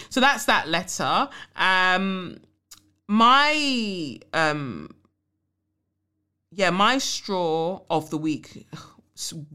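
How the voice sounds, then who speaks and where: A woman's voice: lowish voice, sharp tone. A young woman hosting a podcast, talking in an emphatic, outspoken way and swearing freely as she reacts to a listener's letter. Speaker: podcast host. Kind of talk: casual podcast chat and letter reading.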